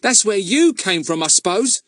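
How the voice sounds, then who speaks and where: A man's voice: high voice, big pitch swings, moderate pace, a bit bright, voice pushed up. A man voicing Ern, an anxious, earnest boy eager to please, in a storybook reading. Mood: eager pleading.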